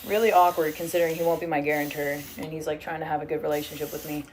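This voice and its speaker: A woman's voice: low-pitched, little pitch movement, racing, a little mellow, a little hiss or hum. A young woman in casual livestream chat at home, swearing freely and reading out viewer comments while braiding her hair. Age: young adult. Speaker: streamer. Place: living room at home.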